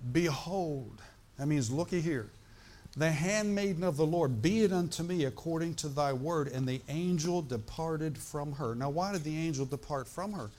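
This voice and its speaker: Man preaching, conversational and lively. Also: a little high. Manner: conversational preaching with frequent "right?" and "amen?" asides. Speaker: pastor. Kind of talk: sermon.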